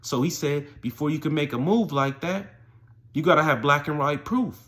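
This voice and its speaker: A man casually retelling a prison story in street slang, often rising loud when the story heats up. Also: on the high side, normal speed. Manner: street slang, animated retelling, voices quotes. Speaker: storyteller vlogger.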